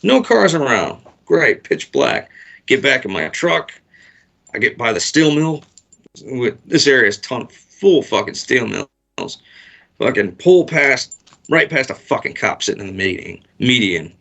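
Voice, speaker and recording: A man's voice: mid-range voice, very animated, unhurried, vocal fry, fairly bright tone. A man guest in an interview, telling a long casual story full of swearing and rambling asides. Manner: profane, rambling, laid-back storytelling.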